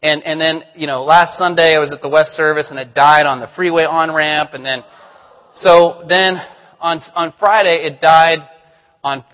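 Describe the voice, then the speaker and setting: A man with a high voice preaches a Sunday sermon in a church sanctuary, his words trailing off into a long hall reverb. He tells candid stories about himself, laughing at his own mistakes. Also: pushed and bright, lo-fi sound. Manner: candid storytelling with self-deprecating humor. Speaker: pastor.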